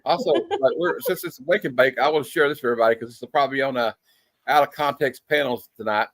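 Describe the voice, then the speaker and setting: A man's voice: medium pitch, animated, fast, a bit bright, dry recording. A man hosting a casual comic book stream, playful and teasing as he runs the segments over a video call. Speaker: stream host.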